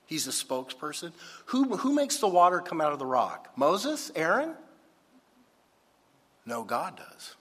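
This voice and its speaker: A man's voice: fairly high pitch, wildly swooping pitch, unhurried, a bit bright. A man preaching a sermon as a pastor, emphatic and full of rhetorical questions. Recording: husky voice with long hall reverb.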